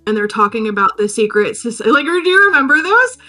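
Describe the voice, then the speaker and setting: A woman's voice: on the high side, sing-song, quick pace, pushed and bright, faint music behind. A young woman co-hosting a podcast, recapping a movie in a rambling, jokey way with lots of "like" and "um". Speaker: podcast co-host. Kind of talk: casual chat.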